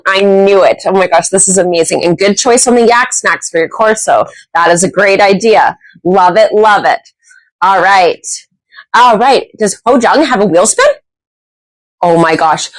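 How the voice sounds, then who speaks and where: A bubbly, excitable woman hosting a live shopping stream, chatting and cheering on the prize wheel. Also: medium pitch, moderate pace, no room sound, rough recording. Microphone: clip-on microphone.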